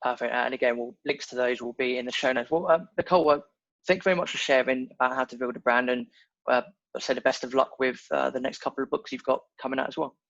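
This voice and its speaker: A man hosting a podcast interview, relaxed and a little halting as he wraps up. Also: mid-range voice, creaky, no room sound, dull audio. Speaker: podcast host. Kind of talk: casual interview.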